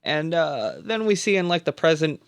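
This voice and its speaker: A man's voice: on the high side, sing-song, moderate pace, vocal fry, clear, resonant tone. A man hosting a podcast, casually recapping a film plot in a rambling, laid-back way with plenty of fillers. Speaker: podcast host.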